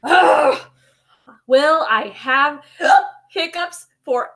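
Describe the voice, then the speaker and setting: A woman's voice: sits high, extremely slow, fairly bright tone, voice pushed up, heavily acted. A woman voicing a hiccuping little penguin. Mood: fretful, hiccuping. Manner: gasping hiccups between words. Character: small young male penguin with hiccups, fretful. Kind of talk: storybook read-aloud for children.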